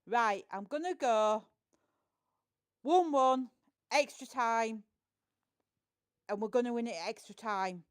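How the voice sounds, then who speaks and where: A woman's voice: fairly high pitch, takes it slowly, pauses often, clear, resonant tone, dry recording. A woman with a Yorkshire accent chatting casually as a podcast regular, blunt and jokey. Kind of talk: casual chat.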